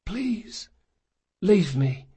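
A man's voice: sing-song, extremely slow, dark tone, slightly rough, heavily acted. A man voicing a wounded young male thief who is dying, speaking weakly and breathlessly. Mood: pleading. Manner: weak, breathless, raised pitch.

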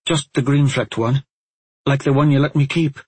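Guy doing a scared young witch girl, high pleading voice, kinda husky, dry close mic. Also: fairly even intonation, normal speed, darkish tone, no echo, natural voice. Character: frightened young woman apprentice witch.

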